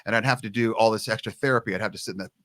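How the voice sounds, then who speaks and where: Middle-aged male guest, lively storyteller who mimics the people in his stories, dry close sound. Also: fairly low pitch, racing, dry recording. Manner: lively storyteller who acts out quoted dialogue. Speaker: guest, long snapping coach. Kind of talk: casual storytelling interview.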